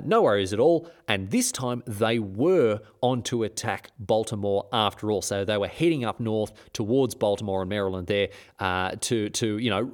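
A man's voice: medium pitch, a little mellow. A man hosting a history podcast, telling the story in a jokey, sarcastic way with many restarts.

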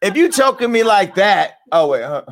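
Speaking at a moderate pace, the male host delivers a crude comic rant of commentary. He's brash and animated, shifting between loud bursts and muttered asides.

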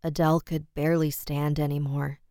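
Low, smooth-voiced woman narrating horror. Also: level tone, moderate pace, dark tone, no room sound, clean studio sound.

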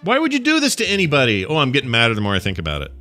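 A man co-hosting a casual comedy podcast, reading a news story and riffing on it in an animated, joking way. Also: mid-range voice, racing, faint music behind. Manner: animated, jokey, getting worked up. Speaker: podcast co-host.

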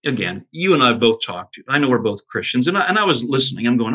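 Casting: husky man telling an earnest field story, on a dull lo-fi recording. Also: mid-range voice, quick pace, hardly any pauses. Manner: earnest, animated storyteller with many restarts. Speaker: podcast guest, bow hunter. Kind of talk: storytelling in casual conversation.

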